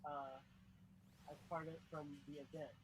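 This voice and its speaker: A man's voice: a little high, flat delivery, moderate pace, husky, poor audio. A young adult man co-hosting a game stream, talking casually and hesitantly, full of fillers and self-corrections. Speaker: livestream co-host. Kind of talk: casual gameplay chat.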